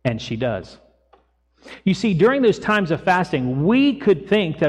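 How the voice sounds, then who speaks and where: A man preaching a sermon as pastor, retelling a Bible story in a lively storytelling way and voicing its people casually. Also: sits high, measured pace. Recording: long echo of a church hall.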